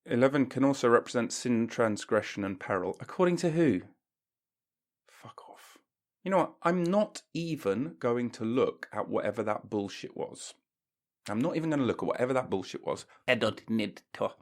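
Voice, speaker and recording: A man's voice: mid-range voice, lively intonation, brisk. A man hosting a comedy podcast, ranting in a mock-pompous way and breaking into silly voices. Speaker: podcast host.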